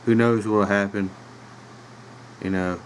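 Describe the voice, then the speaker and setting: A man in his thirties with a relaxed Virginia accent spins a rambling podcast story full of fillers and side remarks. His voice sits on the low side. A faint air conditioning hum runs underneath the home recording. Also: takes it slowly, rough recording. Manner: laid-back rambling with fillers and laughs. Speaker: podcast host. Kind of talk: casual storytelling. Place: home room with a dog nearby.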